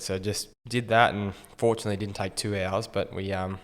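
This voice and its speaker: Australian man in his 30s, low monotone, laid-back storyteller, reverberant hall sound. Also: a little fast. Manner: easygoing, understated, frequent ums and "like". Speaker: guest, retired rugby league player. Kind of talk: casual interview storytelling.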